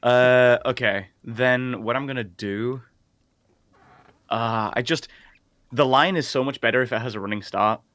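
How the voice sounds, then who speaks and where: A man's voice: mid-range voice, a little slow, a bit bright, dry recording. A man playing a tabletop game, thinking aloud with hesitant fillers as he plans his moves. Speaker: player.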